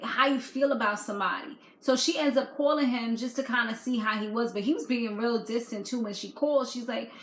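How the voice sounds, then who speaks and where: A woman giving a casual video recap of a reality show, chatty and animated, full of fillers. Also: on the high side, echoey room, rough recording.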